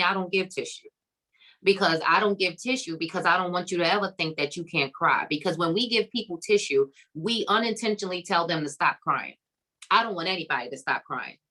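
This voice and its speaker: Woman, online summit host, slightly low voice, emphatic, preacher-like, video call. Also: pushed and bright, low-quality recording. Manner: emphatic, preacher-like, repeating phrases with "come on" and "okay". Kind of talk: encouraging faith-based talk to a live online audience.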